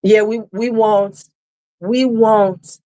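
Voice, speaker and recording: A woman's voice: mid-range voice, fairly even intonation, extremely slow, dark tone. A woman hosting a casual livestream, talking bluntly with some cursing and answering viewers' comments as they come in. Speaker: beauty channel host.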